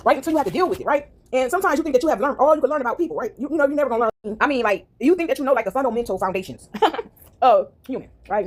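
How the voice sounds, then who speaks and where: A woman vlogger telling stories in a rambling, animated monologue, tagging "right?" onto her sentences. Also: high voice, very fast. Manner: rambling, says "right?" constantly; animated, dramatic. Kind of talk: casual storytelling monologue.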